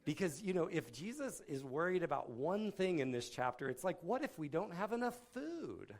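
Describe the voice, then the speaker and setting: A man's voice: sits high, big pitch swings, moderate pace, gravelly, hardly any pauses. A man giving a sermon in a conversational tone, often acting out quotes from the people in the story. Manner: conversational, with filler words and restarts, acting out quotes. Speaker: pastor.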